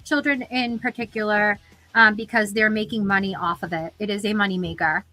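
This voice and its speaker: A woman's voice: mid-range voice, fairly even intonation, a little fast, pushed and bright, faint music behind, poor audio. A woman co-hosting a livestream in casual chat, blunt and opinionated, over a remote call.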